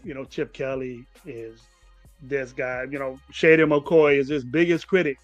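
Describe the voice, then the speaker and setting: A man's voice: mid-range voice, fairly even intonation, a little slow, no room sound, soft background music. A man in casual sports talk, blunt and emphatic, repeating his points for effect. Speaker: podcast host.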